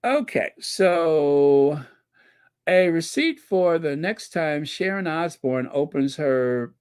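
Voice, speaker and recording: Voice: mid-range voice, lively intonation, slow pace, darkish tone, smooth, no room sound. A channel host giving commentary on viewer comments, emphatic and repeating key points for effect.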